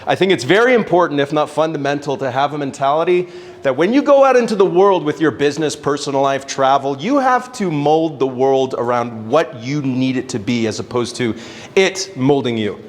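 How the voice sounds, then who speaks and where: A young adult man telling a casual, animated story as a speaker at a networking event, swearing now and then. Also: medium pitch, fairly quick. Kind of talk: storytelling talk on stage. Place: event venue with live audience.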